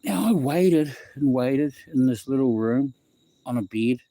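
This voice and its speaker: Chatting casually on his home livestream, this young New Zealander from West Auckland wanders through a story and says hello to viewers by name. He speaks unhurriedly in a mellow, expressive, medium-pitched voice.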